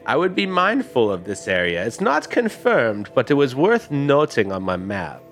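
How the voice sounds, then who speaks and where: Man, game master, casual chatty narration, middle pitch, very wide intonation. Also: sing-song, moderate pace, fairly bright tone, soft background music. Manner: casual, chatty, laughing often.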